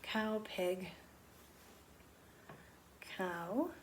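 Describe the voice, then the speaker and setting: A woman teacher giving a remote lesson to young children, counting slowly in a gentle, sing-song, encouraging way. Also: mid-range voice, slight background noise.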